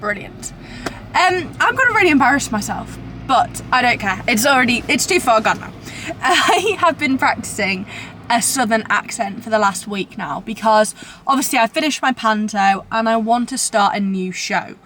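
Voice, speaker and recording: A woman's voice: fairly high pitch, lively intonation, moderate pace, fairly bright tone, slight background noise. A young woman with a British accent, chatting casually to camera in a rambling, self-deprecating way. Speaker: vlogger. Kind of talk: casual vlog chat to camera.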